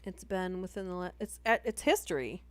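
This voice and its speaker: A woman's voice: fairly low pitch, animated, brisk. A woman chatting casually on a live stream between horror story readings. She rambles and interrupts herself as she talks.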